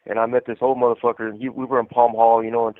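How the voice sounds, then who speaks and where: A man's voice: mid-range voice, flat delivery, rapid-fire, no room sound. A man telling prison stories in a rambling, profane way with lots of fillers on a live call-in show. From California. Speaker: co-host. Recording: tinny phone line, dry.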